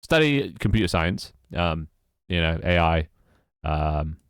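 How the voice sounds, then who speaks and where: A young man with a British accent talks loosely and wryly as he works through tasks on his game. His voice sits low, and the sound is dry and close, with no room echo. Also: expressive, takes it slowly, clear, resonant tone. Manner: rambling, wry, self-mocking. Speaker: game developer streamer. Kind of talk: casual live-stream chat while working.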